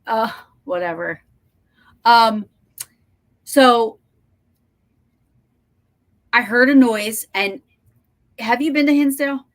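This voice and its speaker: A woman hosting a podcast over a video call, telling a story in animated, breathless bursts with lots of restarts and some swearing. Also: a little high, slow, long pauses. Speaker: podcast host. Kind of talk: casual storytelling chat.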